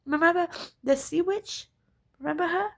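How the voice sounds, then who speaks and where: A woman's voice: very high voice, moderate pace. A woman ranting to camera, profane and emphatic, repeating her points and asking "right?" again and again. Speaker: spiritual vlogger.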